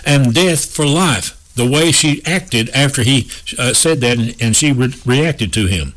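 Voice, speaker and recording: A man teaching from the Bible on a radio broadcast, slow and emphatic with folksy asides. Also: medium pitch, expressive, fairly bright tone, low-quality recording. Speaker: radio preacher.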